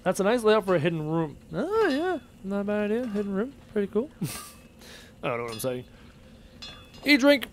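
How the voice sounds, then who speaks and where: A man's voice: high voice, wildly swooping pitch, normal speed, long pauses, a little hiss or hum. A man streaming a game live, chatting and muttering to himself as he plays and reads chat aloud. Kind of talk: live gameplay commentary, reading chat aloud.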